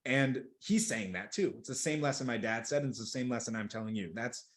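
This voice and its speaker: A young man coaching sales in a webinar, energetic and emphatic, repeating words for stress. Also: mid-range voice, a little fast. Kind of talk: webinar teaching. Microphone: video call.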